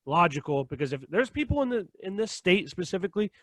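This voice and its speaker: Young guy ranting fast, a bit high voice, cussing a lot, dead dry mic. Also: no room sound. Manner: profane, animated storyteller acting out both sides. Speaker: podcast co-host. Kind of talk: casual storytelling chat.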